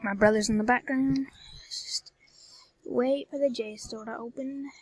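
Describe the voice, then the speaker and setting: A woman with a fairly high voice talks loosely over her gameplay, rambling along and breaking into exclamations and grumbles. The sound is close and dry, with no room around it. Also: fairly even intonation, unhurried, a little mellow, no room sound. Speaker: gameplay video creator. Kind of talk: casual gameplay commentary.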